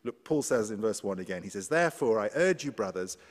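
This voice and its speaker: A man's voice: lowish voice, animated, a little fast. A man with an English accent preaching a sermon in a conversational way, often asking his congregation questions. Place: church. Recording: long church reverb.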